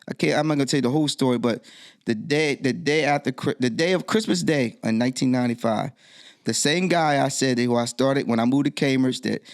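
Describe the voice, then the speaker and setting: Man, middle-aged, gravelly, animated storyteller, podcast interview guest. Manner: animated storyteller, voice jumps high when quoting himself.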